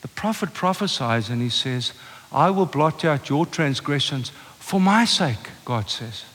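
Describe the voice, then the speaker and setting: A man preaching a passionate sermon, moving from forceful declarations to a hushed, intimate telling of a story. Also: fairly high pitch, animated, unhurried, husky. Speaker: pastor. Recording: long reverb of a large hall.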